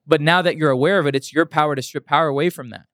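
A guest motivational speaker tells a story in a casual interview, earnest and emphatic, repeating things for emphasis. His voice is on the high side, racing, a bit bright, clear, and resonant, in a dry studio-quality recording.

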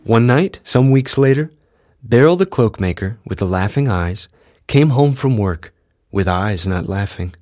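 A man narrating a children's story in a gentle, expressive read-aloud manner. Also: on the low side, measured pace, no room sound, studio quality, faint music behind.

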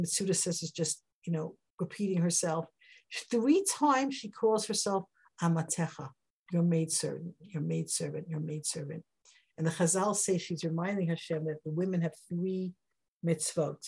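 Husky-voiced woman teaching a Bible class. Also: fairly low pitch, dark tone. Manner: conversational, heartfelt. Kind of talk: Torah class lecture.

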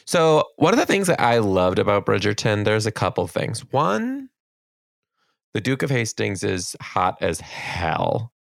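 A woman's voice: extremely low pitch, big pitch swings, unhurried, gravelly, no echo, clean studio sound. A young woman co-hosting a casual podcast, teasing and sarcastic. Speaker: podcast co-host. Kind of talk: casual chat.

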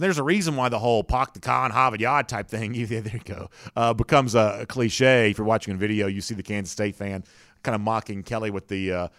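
A man's voice: lowish voice, no room sound, clean studio sound. A man hosting a sports talk show, giving casual, opinionated commentary with frequent fillers and restarts.

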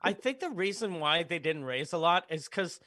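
A comedian in a casual podcast chat, telling self-mocking, profane stories. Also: male voice, on the high side, expressive, moderate pace, pushed and bright, no room sound, clean studio sound.

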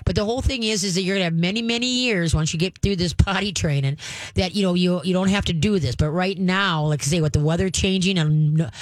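A woman's voice: lowish voice, fast talker, no echo. A woman hosting a call-in radio show, giving dog training advice in a folksy, emphatic way with frequent laughs.

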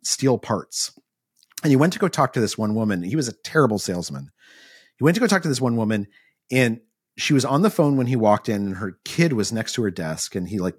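A middle-aged man, an author guest, telling an animated story in a podcast interview, acting out quotes and using many fillers. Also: fairly low pitch, breathy edge, no room sound, clean studio sound.

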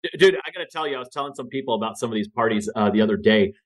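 A man talking as a guest in a casual podcast conversation, energetic, casual and profane. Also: medium pitch, very fast.

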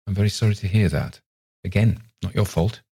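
A man voicing a kindly older retired doctor in a ghost story, talking in a soft, consoling way. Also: lowish voice, a little fast, vocal fry, husky, voice pushed up.

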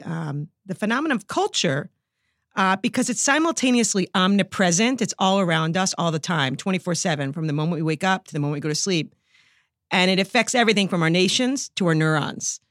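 A middle-aged woman with a New York accent, a psychology professor answering interview questions as an animated storyteller who laughs easily. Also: mid-range voice, no echo, studio quality.

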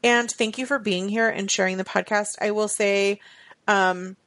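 A woman's voice: medium pitch, fairly even intonation, unhurried, fairly bright tone, no echo. A woman co-hosting a podcast in casual chat, talkative and laughing often. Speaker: podcast co-host.

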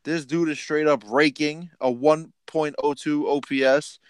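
A man's voice: fairly high pitch, steady tone, unhurried, clean tone, no room sound. A man co-hosting a casual sports chat, laid back and teasing, rattling off stats. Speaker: podcast co-host.

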